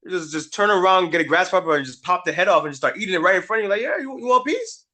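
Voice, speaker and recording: A man co-hosting a podcast in casual chat, playful and joking, quick with his reactions. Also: high-pitched, pushed and bright. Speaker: podcast co-host.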